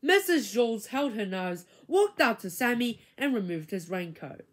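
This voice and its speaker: A woman reading a children's book aloud, chapter by chapter, with expressive, dramatic storytelling. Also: a little high, moderate pace. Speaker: reader.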